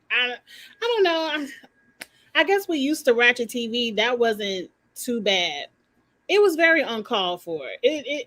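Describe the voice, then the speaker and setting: A woman's voice: on the high side, fairly bright tone. A woman giving her blunt, opinionated take on a reality show in casual live commentary. She uses slang, swears, and talks straight to her viewers.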